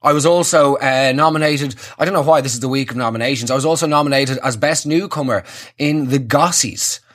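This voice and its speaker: A man's voice: mid-range voice, a little fast, a bit bright. Young man, comic host, wry and self-deprecating, casual monologue. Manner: wry, self-mocking, sweary asides. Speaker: comedian hosting his own show.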